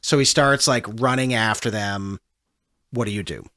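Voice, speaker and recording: A man's voice: lowish voice, moderate pace, pushed and bright. A man narrating as game master of a tabletop role-playing game, loose and full of fillers.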